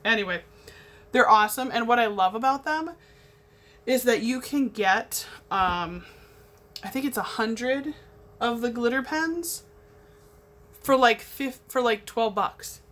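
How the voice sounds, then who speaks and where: Brief: young woman, bubbly craft livestream host, a fairly high voice, chatty asides while she works. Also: slow pace, pauses often, a bit bright. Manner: bubbly, chatty, talks to viewers while working. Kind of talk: casual chat while painting.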